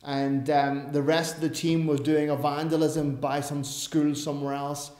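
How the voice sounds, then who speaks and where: A man's voice: on the high side, flat delivery, a little slow, darkish tone. A man preaching a sermon, emphatic and given to self-aware asides. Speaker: pastor. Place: church. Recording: roomy church echo.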